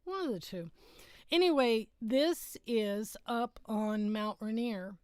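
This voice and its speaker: A woman's voice: fairly high pitch, takes it slowly, clear, resonant tone, no echo. A middle-aged woman hosting a casual livestream from home, chatting in a rambling way and correcting herself as she goes.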